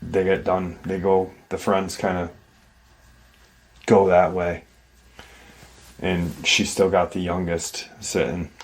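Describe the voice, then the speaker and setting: Man, low voice, slow delivery, rambling casual storytelling, host of a paranormal channel. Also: level tone. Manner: rambling and conversational, many "like" and "you know". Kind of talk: casual retelling of an encounter story.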